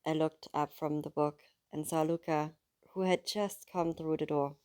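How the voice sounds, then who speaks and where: A woman's voice: deep voice, fairly even intonation, normal speed, warm tone. A woman with a German accent, a native German speaker, chatting casually about a book and reading from it aloud, in a chatty, apologetic way. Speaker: book reader.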